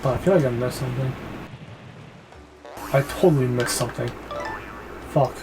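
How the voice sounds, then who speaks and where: A man's voice: medium pitch, moderate pace, music in the background, low-quality recording. A young man co-hosting a gaming video, telling a long story in a rambling, filler-heavy casual way. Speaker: gaming co-host. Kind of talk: casual let's-play chat.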